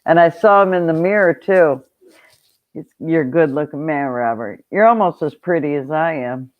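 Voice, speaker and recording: A woman hosting a casual livestream, chatty and quick to laugh as she greets viewers. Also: deep voice, lively intonation. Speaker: livestream host. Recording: tinny phone-like sound.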